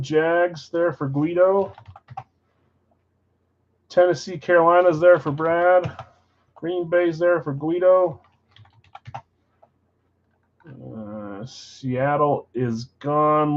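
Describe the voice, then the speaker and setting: A man's voice: a little high, slow, long pauses. Guy running a live card break, calling names n teams, chatty, kinda muffled audio.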